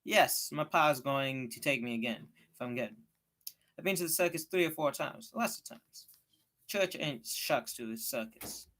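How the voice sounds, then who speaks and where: A man voicing a timid, tearful young girl in a storybook reading, his voice raised and soft. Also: medium pitch, normal speed, natural voice. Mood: eager.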